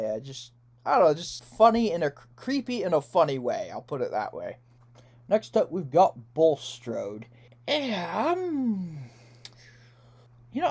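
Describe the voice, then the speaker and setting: Ranking characters for his YouTube commentary, a young man talks in a slightly high, creaky voice with a darkish tone. The chat is loose and casual, full of laughter, filler words, and corrections of himself.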